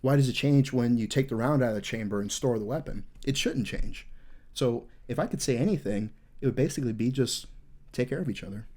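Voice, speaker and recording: A man's voice: medium pitch, a little fast, dark tone. Profane, intense man telling a war story. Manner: profane, intense, rambling with frequent fillers. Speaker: podcast host, veteran. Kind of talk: casual podcast storytelling.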